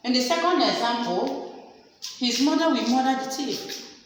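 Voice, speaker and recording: Lady teacher going over examples slow and repeats em, super echoey room w/ long reverb. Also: high voice, animated. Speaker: literature teacher. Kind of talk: classroom lecture. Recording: very echoey room, faint background noise.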